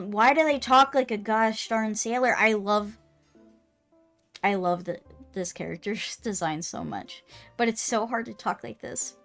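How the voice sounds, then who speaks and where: A woman's voice: medium pitch, moderate pace, fairly bright tone, faint music behind. A woman chatting casually while she plays a game, gushing about its art. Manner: chatty, gushing, reading dialogue aloud. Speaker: streamer.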